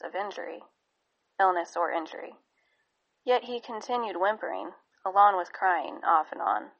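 A woman narrating an audiobook in a calm, even storytelling manner. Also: on the low side, rough recording.

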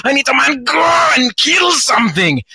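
A man doing a bloodthirsty talking mango, high and creaky. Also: big pitch swings, normal speed, slight background noise, heavily acted. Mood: frenzied. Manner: overwrought, anguished ranting. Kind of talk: improvised comedic monologue.

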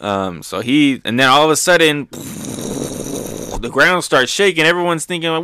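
A man hosting a manga review show, recapping chapters in a loose, excitable way, swearing freely and filling gaps with "um" and "like". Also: a little high, unhurried, slight background noise.

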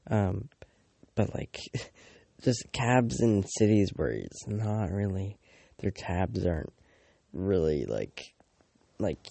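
A low, gravelly teenage boy rambles through a storytime at an unhurried drawl, his voice dark and dry in the room. He swears a lot, trips over fillers and restarts, and drops mocking asides about everyone he meets. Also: very animated, dry recording. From Canada. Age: teens. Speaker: vlogger.

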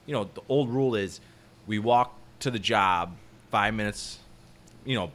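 A man's voice: fairly low pitch, normal speed. A man who works as a construction foreman, telling rambling, profane stories in casual chat. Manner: profane, rambling, animated storyteller.

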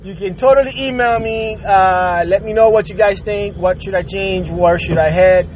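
A man's voice: high-pitched, moderate pace. A man hosting his own show in a casual, profane rant, laughing as he goes. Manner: profane, animated, laughs while ranting. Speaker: podcast host. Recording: slightly dull audio with faint noise.

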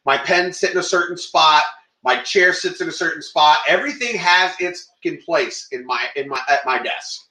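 A man co-hosting a casual livestream, telling long, wandering stories peppered with swearing. His voice is bright and sits a little high. The room around him is echoey. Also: normal speed. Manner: swears freely, rambling storyteller. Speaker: co-host.

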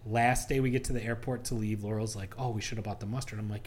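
A podcast co-host, a man, spins a travel story in relaxed chat. His voice sits a little low, and he jumps up high to act out the people in the story. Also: quick pace, hardly any pauses, a little hiss or hum. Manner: animated storyteller, acts out quotes.

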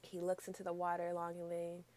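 A woman's voice: lowish voice, completely flat delivery, brisk, darkish tone, dry recording. A woman casually recapping a show with friends, chatty and giggly, using many "like" fillers. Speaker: podcast co-host.

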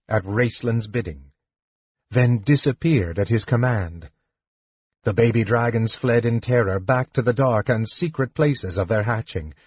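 A man reading a fantasy novel aloud as an audiobook narrator, in measured, even storytelling. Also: mid-range voice, slightly rough, no echo. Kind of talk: scripted narration. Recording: dull, dry audiobook recording.

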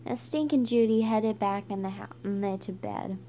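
A woman reading a children's book aloud, halting and stumbling with frequent restarts. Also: mid-range voice, mellow, slight background noise. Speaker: reader.

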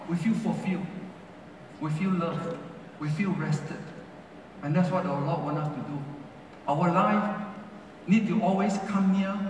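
Picked up at a distance in a large, echoey church hall, a high-voiced male pastor preaches in broken English, repeating phrases as his emphasis swells and falls. There's slight background noise.

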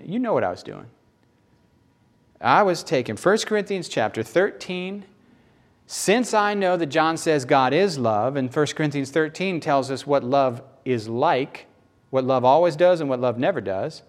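A man with a Southern US accent preaching a sermon, animated and folksy, acting out little voices and jokes. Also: a little high, measured pace. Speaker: pastor.

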